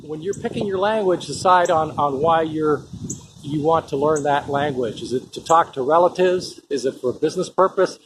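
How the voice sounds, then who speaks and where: A man talking casually to his viewers, rambling with lots of pauses and repeated words. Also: on the high side. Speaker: vlogger. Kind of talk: casual talk to camera. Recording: steady noise in the background.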